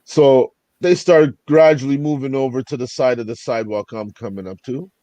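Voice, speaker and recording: A man's voice: mid-range voice, moderate pace, no room sound, lo-fi sound. Man telling stories with lots of swearing. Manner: animated storyteller, swears freely, acts out both sides. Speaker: podcast co-host. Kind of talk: casual storytelling chat.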